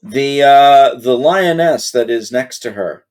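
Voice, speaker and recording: Male GM narrating a tabletop session, unhurried and hesitant. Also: medium pitch, animated, darkish tone. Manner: slow, halting narration full of ums. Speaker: game master.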